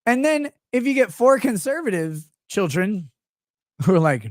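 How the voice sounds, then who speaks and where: A man's voice: sits high, animated, brisk, no room sound, studio quality. A man from the United States hosting a show, ranting about politics with sarcasm, profanity and mocking asides. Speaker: show host.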